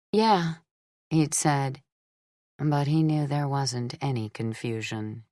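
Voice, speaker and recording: A woman with a low voice reads a romance novel aloud at an unhurried pace. Her delivery is measured and steady, and the recording is close and dry with no room sound. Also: dry recording. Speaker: audiobook narrator. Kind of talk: scripted romance novel narration.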